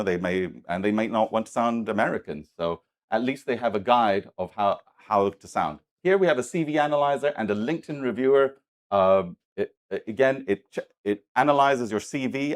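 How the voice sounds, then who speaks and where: A man presenting software to a festival audience, hurried and halting with many restarts. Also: mid-range voice, animated. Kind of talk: live product demo talk.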